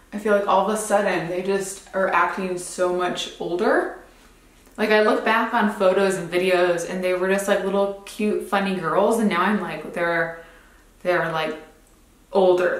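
A young woman, a beauty vlogger, chatting casually through a makeup routine, rambling with lots of "like" and "um". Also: fairly low pitch. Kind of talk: casual makeup tutorial chat. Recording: roomy echo.

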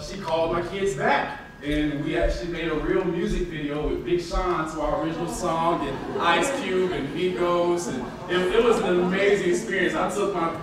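Animated male teacher speaking in echoey hall. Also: noisy background. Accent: Southern US. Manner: animated, acts out quotes with big pitch jumps. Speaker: elementary school teacher, guest speaker. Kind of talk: storytelling speech to an audience. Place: large hall. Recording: echoey hall recording from far off.

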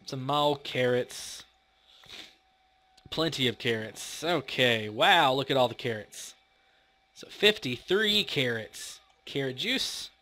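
A man's voice: medium pitch, sharp tone. A man hosting a casual gameplay commentary, playful and chatty, laughing often and talking to the creatures in his game. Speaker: gaming channel host.

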